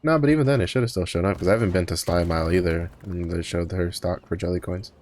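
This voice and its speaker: Speaking fast in a low, slightly mellow voice, a man chats his way through a game stream with many fillers and self-corrections. He seems a little worn out, yawning now and then, against slight background noise.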